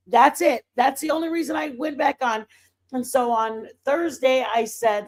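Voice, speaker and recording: A woman hosting a livestream, telling faith stories in a casual, animated way and breaking into excited outbursts. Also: high voice, a little slow. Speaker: livestream host.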